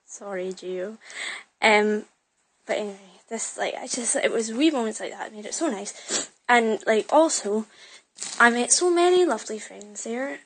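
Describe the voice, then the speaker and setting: In her bedroom, a young woman uses her phone to film a laid-back vlog, wandering through a story full of fillers and self-corrections. She speaks at a moderate pace in a fairly high, somewhat bright voice, and the recording sounds rough.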